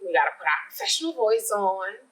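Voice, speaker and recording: Woman host, bright sharp voice, chatty and laughing a lot while she asks stuff. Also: mid-range voice, very animated, brisk, poor audio. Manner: empathetic, laughs often, asks questions. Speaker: talk show host. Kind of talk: casual interview.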